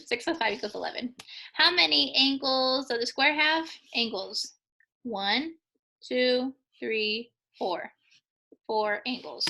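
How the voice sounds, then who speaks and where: Bright-voiced chatty woman teacher. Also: high-pitched, takes it slowly, vocal fry, rough recording. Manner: chatty, encouraging, jokes with the class. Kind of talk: talking through a math review lesson.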